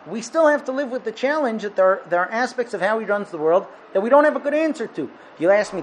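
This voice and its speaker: A man teaching a Torah lesson, explaining with a parable and acting out its dialogue with animated delivery. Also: sits high, quick pace, few pauses, a little hiss or hum, poor audio. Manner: animated, acts out dialogue in the story. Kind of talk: lecture with parable storytelling.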